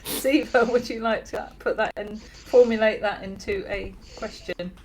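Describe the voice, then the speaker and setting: A woman's voice: mid-range voice, unhurried, a little mellow, a little hiss or hum, rough recording. Chatty woman co-host with faint clicks. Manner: chatty, laughs often, relays viewer questions. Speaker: co-host, moderator. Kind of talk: casual live-stream chat.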